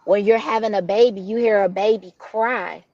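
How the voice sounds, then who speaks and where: A woman guest in an interview shares a personal story candidly and from the heart. Her voice sits at an ordinary middle pitch. The recording is dull and lo-fi, with a dry, close sound. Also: steady tone, moderate pace, darkish tone, dry recording. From Detroit, USA. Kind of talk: interview conversation.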